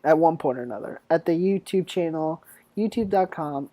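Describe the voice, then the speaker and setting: A man's voice: a little high, normal speed, warm tone, dry recording. A young man hosting a casual podcast chat, joking and teasing his guests and laughing often. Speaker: podcast host.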